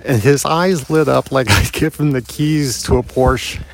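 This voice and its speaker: A middle-aged man recounts a personal memory in a gravelly voice of ordinary pitch. He speaks earnestly and reflectively, pausing mid-thought as he goes. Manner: earnest, reflective, halting pauses. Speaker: storyteller. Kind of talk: personal storytelling.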